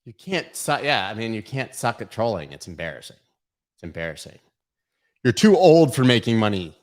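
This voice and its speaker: A man's voice: mid-range voice, big pitch swings, normal speed. A man hosting a crypto livestream, going over charts in casual, irreverent commentary full of swearing and mockery. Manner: irreverent, profane, mocking.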